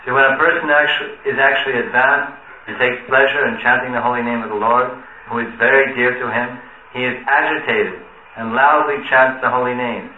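A man giving an earnest sermon on scripture, quoting and chanting Sanskrit verses and trailing off softly at times. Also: mid-range voice, steady tone, a little fast, a little hiss or hum. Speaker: speaker giving a scripture class. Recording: echoey room over a tinny phone-like line.

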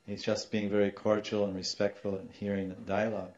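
Brief: male spiritual teacher, animated storyteller, lowish voice, muffled lo-fi tape. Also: fairly quick. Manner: animated, acts out quoted voices, laughs now and then. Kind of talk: storytelling sermon.

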